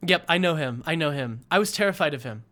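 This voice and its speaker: A young man co-hosting a podcast, talking in a fairly high voice with a lot of rise and fall. He rambles, laughs often and trips over his own sentences in a loose, casual chat. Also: animated, quick pace, sharp tone. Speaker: podcast co-host.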